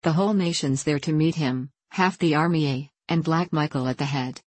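A woman reading the part of a gruff, scornful old colonel in an audiobook, curt and sneering. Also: low voice, normal speed, a little mellow, no room sound.

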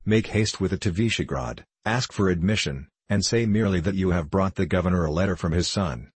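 A man playing a brisk, commanding horseman. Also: low-pitched, husky, no room sound. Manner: brisk, giving orders.

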